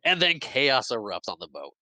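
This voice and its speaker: A man's voice: mid-range voice, wildly swooping pitch, moderate pace, pushed and bright, no room sound, low-quality recording. A man on a podcast casually retelling a movie plot, jumping into quoted lines and laughing often. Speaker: podcast co-host recapping a movie. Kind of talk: casual chat.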